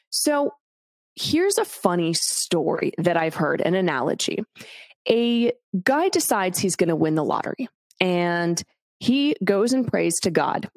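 A woman's voice: lowish voice, darkish tone, dry recording. Straight-talking woman host, talks right to the listener, dry booth sound. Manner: blunt and candid, swears casually, addresses the listener directly. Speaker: podcast host. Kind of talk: solo podcast monologue.

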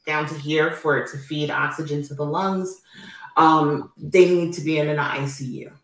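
A woman's voice: low-pitched, little pitch movement, moderate pace, a little hiss or hum. A middle-aged woman nurse patiently explaining hospital care as an interview guest, with many fillers. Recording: echoey room.

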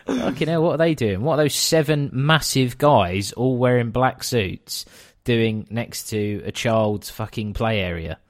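A man reacting to a film on a podcast, animated and swearing as he talks. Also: mid-range voice, unhurried, no room sound, clean studio sound. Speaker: podcast co-host. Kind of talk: casual film chat.

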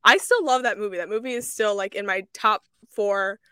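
A young woman co-hosting a casual movie chat, talking fast and emphatically with firm opinions. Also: medium pitch, sharp tone, clear, resonant tone, no echo, clean studio sound. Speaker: podcast co-host.

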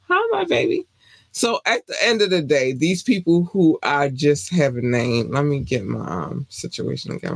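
Gravelly, gushing podcast host. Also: male voice, no room sound. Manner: effusive, gushing shout-outs with squealed high greetings. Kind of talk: casual live-stream podcast chat.

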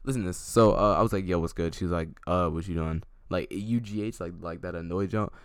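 A man's voice: deep voice, a little fast, clear, resonant tone, no room sound, clean studio sound. A young man co-hosting a casual chat, telling a long story with many restarts and acting out both sides of a text exchange.

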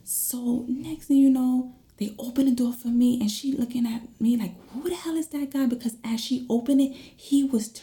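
A woman in her thirties casually telling viewers a story, animated, acting out the voices and dropping into whispers. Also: on the high side, normal speed, hardly any pauses. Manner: animated, acts out her own and others' voices, drops to whispers.

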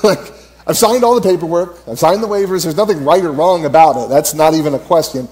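A man's voice: on the high side, brisk, a little mellow. Chatty man telling a story in a sermon. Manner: rambling, laughs often, many fillers. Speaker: church speaker.

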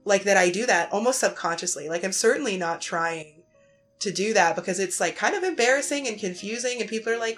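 A woman's voice: medium pitch, lively intonation, fairly quick, a bit bright. A Canadian woman hosting a podcast, chatting casually with lots of fillers and restarts, faint music behind. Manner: chatty, many fillers and restarts, laughs often. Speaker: podcast host. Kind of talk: casual conversation.

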